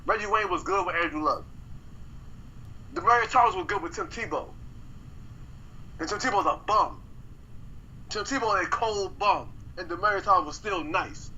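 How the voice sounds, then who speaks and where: Man, podcast co-host, excitable, incredulous, repetitive, slightly dull recording, faint noise. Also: high voice, normal speed, pauses often. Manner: excitable, incredulous, repeats himself. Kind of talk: casual sports chat.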